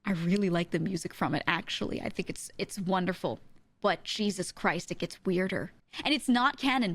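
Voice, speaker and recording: A woman streamer in casual chat, animated and giggly, often breaking into exclamations and laughter. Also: mid-range voice, no echo.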